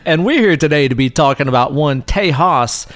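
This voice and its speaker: Male podcast host, animated and slightly high-pitched, playful and jokey. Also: normal speed, no room sound. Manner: playful, jokey, mock-macho bits. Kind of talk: casual comedic chat.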